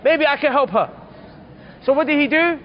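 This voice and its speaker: A man's voice: very high voice, moderate pace, highs cut off. A man preaching, telling a story earnestly and calling his listeners brothers. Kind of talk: storytelling sermon.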